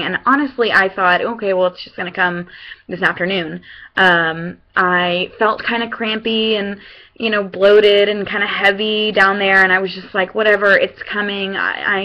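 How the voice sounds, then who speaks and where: A woman's voice: mid-range voice, highs cut off. A young woman vlogging casually at home into a computer webcam, chatty, with lots of fillers and restarts. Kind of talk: casual personal vlog.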